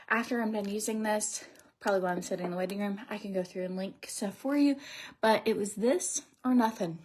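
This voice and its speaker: A thirtysomething beauty vlogger rambles through a casual get-ready-with-me livestream while putting on makeup, frequently falling to a near whisper. Her voice is husky and on the high side.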